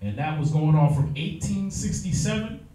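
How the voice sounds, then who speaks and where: A man's voice: on the high side, animated, normal speed, dark tone. A man teaching a Bible class, lecturing emphatically with lots of fillers and restarts. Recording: echoey room, mic far off.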